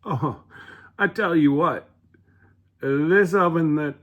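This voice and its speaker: A man's voice: a little high, slow, fairly bright tone. A man casually rambling through a home cooking vlog, chatty and full of fillers, restarts and asides.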